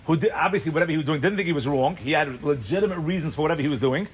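A man teaching a Torah class to a live audience, telling the story in an animated way, full of rhetorical questions and acted-out asides. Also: on the high side, racing, hardly any pauses, breathy edge. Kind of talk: sermon-style Torah class.

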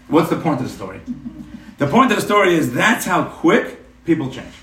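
A man giving a storytelling Torah class, animated and full of rhetorical questions. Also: fairly high pitch, moderate pace. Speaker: Torah teacher. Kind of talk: storytelling sermon. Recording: roomy room, mic at a distance.

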